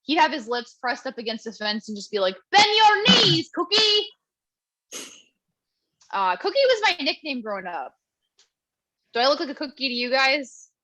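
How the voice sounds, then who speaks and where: A woman's voice: a little high, expressive, brisk, pushed and bright, rough recording. A young woman from Canada doing a chatty stand-up set over a video call, with ironic asides. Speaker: stand-up comedian.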